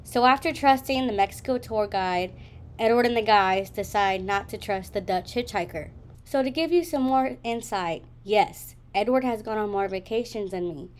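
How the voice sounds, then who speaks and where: A woman's voice: medium pitch, normal speed, slight background noise. A young woman gives a scripted narration in a mid-range voice. She sounds wry and teasing, and sets up each part of the story with dry asides.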